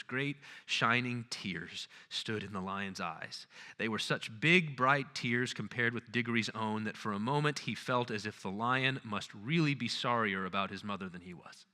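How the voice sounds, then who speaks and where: A man lecturing at a conference, retelling stories earnestly and checking in with the audience. His voice has a bright, sharp, forceful tone. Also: fairly low pitch, moderate pace, in a large hall. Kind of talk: lecture on literature and faith.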